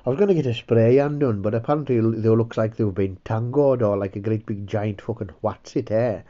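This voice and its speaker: A man's voice: lowish voice, brisk, warm tone, lo-fi sound. A man hosting a comedy podcast, rambling, sweary and self-mocking. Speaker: podcast host. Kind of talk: casual comedy chat.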